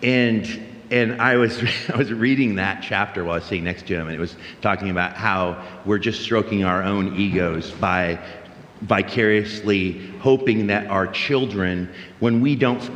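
A man's voice: lowish voice, moderate pace, a bit bright, a little hiss or hum. A middle-aged man preaching a sermon in a conversational way, telling stories with many fillers and restarts. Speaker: pastor. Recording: roomy hall reverb.

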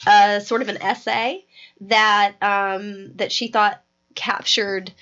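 A woman's voice: mid-range voice, slow. A woman podcast host chatting with a guest and reading a piece aloud expressively. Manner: warm encouraging interjections, expressive reader. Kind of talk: casual interview chat and reading aloud. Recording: dull lo-fi audio.

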